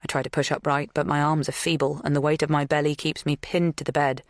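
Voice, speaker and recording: A woman narrating a first-person psychological thriller in a measured, tense, intimate way. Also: deep voice, flat delivery, no room sound, studio quality. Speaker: audiobook narrator.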